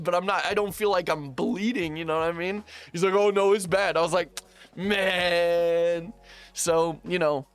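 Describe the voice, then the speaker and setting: A young man telling a story casually, slangy and animated, playing out his own past lines. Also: sits high, no room sound.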